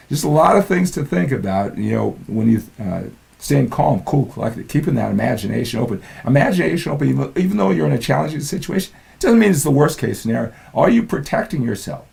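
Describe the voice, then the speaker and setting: Older male coach, very gravelly and mellow, earnest motivational talk, keeps asking "right?". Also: mid-range voice. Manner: earnest, peppers lines with "right?". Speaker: fitness and mindset coach.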